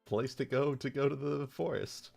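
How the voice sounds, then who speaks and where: A man's voice: medium pitch, moderate pace, vocal fry, darkish tone, soft background music. A man playing in a tabletop game, playful and fond of joking around. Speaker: player. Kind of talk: casual chat at a game table.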